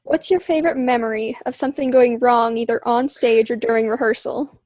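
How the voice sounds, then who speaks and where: A woman's voice: fairly high pitch, steady tone, a little fast, a little mellow, dry recording, highs cut off. A teenage girl and young actor chatting casually in an interview, bubbly and filler-heavy.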